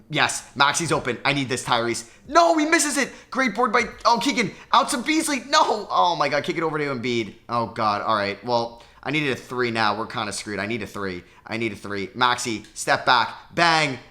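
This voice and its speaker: Excitable young man narrating a basketball game. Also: medium pitch. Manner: excitable, swings from hopeful pleading to groaning despair. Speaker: gaming commentator. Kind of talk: basketball video game playthrough commentary.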